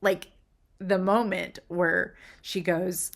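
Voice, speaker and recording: A woman with a somewhat low voice walks through a story in a loose, chatty way. She gets emotional, and her pitch leaps up when excitement takes over. Now and then she drops into a near-whisper for an aside. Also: slow, vocal fry. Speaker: video host analyzing film characters. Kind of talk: casual analytical monologue.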